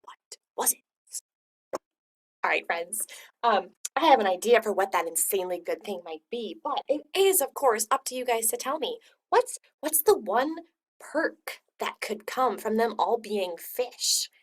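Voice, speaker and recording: A woman's voice: a little high, animated, normal speed. A woman hosting a choose-your-own-adventure story, reading it aloud and chatting with her listeners. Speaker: storyteller and host.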